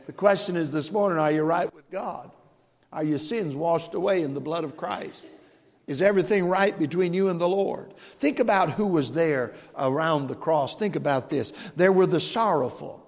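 A man's voice: on the high side, normal speed, darkish tone, in a large hall. A man preaching a revival sermon with rising, impassioned emphasis and repetition.

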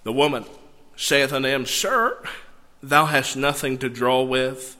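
A man preaching a sermon, reading scripture and breaking into animated, conversational asides. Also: medium pitch, measured pace. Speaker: pastor. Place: church sanctuary. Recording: long church hall reverb.

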